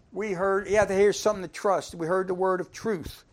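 A man preaching an informal sermon, conversational and folksy, asking the congregation questions and swinging between emphatic lines and quiet asides. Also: sits high, fairly even intonation, brisk, hardly any pauses.

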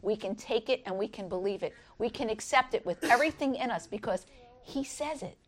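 A woman's voice: animated, a little fast. Earnest woman sharing an Easter devotional. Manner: earnest, rises high when voicing others.

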